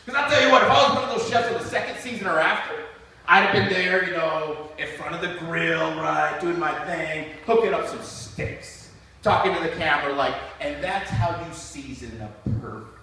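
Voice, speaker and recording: A man doing a stand-up set at an open mic, telling stories in an animated, profane way. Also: on the high side, brisk, creaky, slight background noise. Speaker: stand-up comedian. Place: open mic comedy venue. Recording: echoey room, distant mic.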